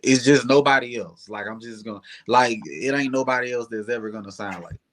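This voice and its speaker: A man's voice: mid-range voice, a little fast, fairly bright tone. A young man with a Southern accent, chatting animatedly as a singer guest in an interview, with lots of "like" fillers. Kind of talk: casual interview chat.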